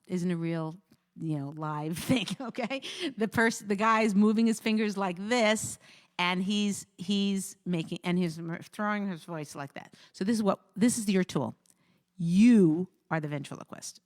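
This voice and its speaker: A woman hosts a talk show and gives marriage advice in a chatty, lively way. She slips into quoted voices as she explains. Her pitch sits in the middle of the range. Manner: animated, acts out quoted voices. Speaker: host.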